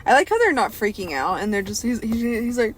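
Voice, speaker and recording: A woman's voice: medium pitch, sing-song, fast, a little hiss or hum. A young woman co-hosting a casual podcast, reading a story aloud and breaking off with giggles to tease the writing. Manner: giggly, reads then breaks off to mock the text.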